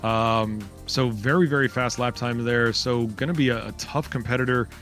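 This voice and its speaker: A man calls an online spaceship race live in a chatty, upbeat way, piling in fillers as he reads out lap times. His voice sits at an ordinary pitch, with faint music playing behind him. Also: steady tone, normal speed, a bit bright. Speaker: race commentator. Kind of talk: live esports commentary.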